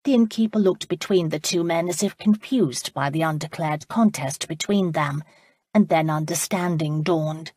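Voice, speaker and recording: Husky low-voiced woman narrator. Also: a little slow, darkish tone, dry recording, clean studio sound. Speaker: audiobook narrator. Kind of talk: scripted narration.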